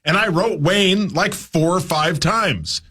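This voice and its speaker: A man on a sports radio show talks in casual banter with a bright, husky tone. He laughs off the teasing and turns sheepish and defensive. His high voice moves around a lot. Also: takes it slowly.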